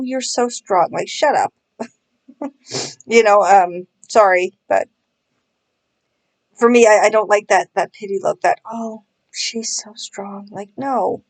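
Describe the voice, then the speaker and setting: A woman vlogger in casual chat, sarcastic and self-mocking, laughing often as she talks. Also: medium pitch.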